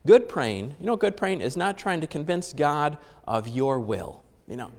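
A man's voice: on the high side, very animated, normal speed, hardly any pauses, darkish tone, long reverb tail. A man preaching a conversational sermon, repeating phrases for emphasis and chuckling now and then.

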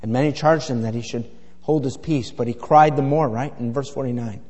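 A man's voice: mid-range voice, brisk, darkish tone, husky. A middle-aged man preaching a sermon in a folksy, rambling storytelling way full of fillers. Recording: echoey hall with long reverb.

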